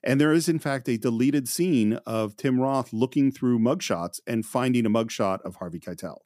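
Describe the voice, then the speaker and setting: A man co-hosting a film podcast, telling behind-the-scenes stories in a casual, animated way and acting out quotes. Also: medium pitch, normal speed, no echo, studio quality. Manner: animated storyteller, acts out quotes. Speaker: podcast co-host.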